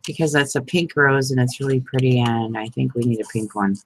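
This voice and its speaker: Making envelopes on camera, this woman talks to her viewers by name in a very deep, slightly fast voice, laughing a lot in relaxed crafting chat. The low-quality recording has slight background noise.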